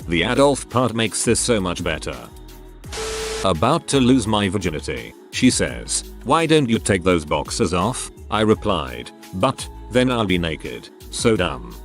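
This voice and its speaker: Man, scripted story narration, lowish voice, lively intonation, faint background music. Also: unhurried. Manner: reads first-person anecdotes aloud in a steady storytelling delivery. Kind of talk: scripted narration of online posts.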